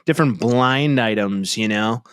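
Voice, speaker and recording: A man co-hosting a sports podcast, speaking at a middling pitch and rambling through the gossip with plenty of restarts. His voice sits close and dry on the mic, with no room sound around it. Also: unhurried, smooth, dry recording. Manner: rambling, repeats words, gossipy. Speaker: podcast co-host. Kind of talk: casual sports chat.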